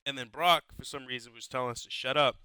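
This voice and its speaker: A young American man talks in a bright, clean, close voice. He rambles through stories, swears constantly and leans on "like". The sound is dry, with no room echo. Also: medium pitch, fast talker, clear, resonant tone. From United States. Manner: profane, rambling storytelling full of "like". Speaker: podcast co-host. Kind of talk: casual podcast chat.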